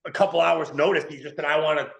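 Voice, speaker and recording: A man's voice: a little high, fairly even intonation, quick pace, vocal fry, fairly bright tone. A man, talking casually as a podcast guest, rambling with lots of "like" and "dude". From New England. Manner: rambling, heavy use of "like" and "dude". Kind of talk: casual interview chat. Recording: echoey room.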